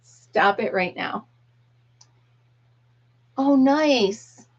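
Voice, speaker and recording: A woman's voice: on the high side, expressive, very slow, husky, dull audio. A middle-aged woman hosting a live stream, chatting casually and acting out what people said in her story. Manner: chatty storyteller, acts out quotes. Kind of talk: casual chat with viewers.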